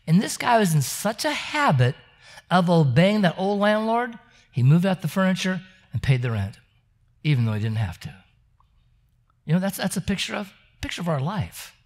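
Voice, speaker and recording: A man's voice: sits high, sing-song, normal speed. A man preaching a sermon, telling stories with frequent stammering restarts and acting out the characters' voices. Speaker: pastor. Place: church service.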